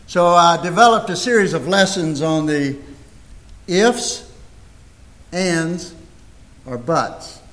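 Folksy older preacher, high voice. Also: male voice, takes it slowly, long pauses, fairly bright tone. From United States. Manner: homespun, chatty, rhetorical questions. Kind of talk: folksy sermon. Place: church. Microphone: microphone.

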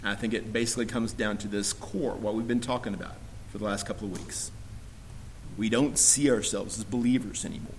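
A man preaching a sermon, earnest and building to emphatic appeals, with scripture read slowly. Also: fairly low pitch, steady tone, slight background noise, rough recording.

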